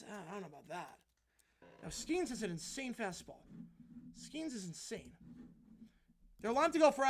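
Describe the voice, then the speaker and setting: A man hosting a live stream, giving play-by-play football commentary and answering viewer chat between plays, getting excited on big plays and relaxed on the asides. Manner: rises into excited calls on big plays, drops low and casual when answering chat. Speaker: stream host calling games.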